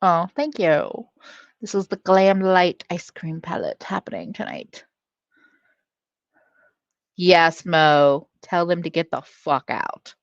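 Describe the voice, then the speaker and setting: A woman's voice: on the low side, expressive, slow, long pauses, dry recording, lo-fi sound. A woman hosting a casual livestream, reading out chat, laughing often and swearing freely. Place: at home.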